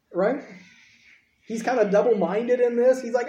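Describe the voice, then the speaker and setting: A man's voice: sits high, fairly even intonation, normal speed, mellow, reverberant, rough recording. A man preaching a sermon in a folksy, conversational way, with frequent asides to the congregation.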